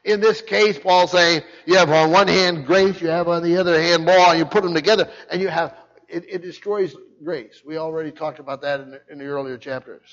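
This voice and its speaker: A man's voice: on the high side, fairly even intonation, brisk, fairly bright tone. A man preaching an expository sermon as pastor, emphatic, repeating key phrases for weight and restarting often. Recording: muffled sound with long hall reverb.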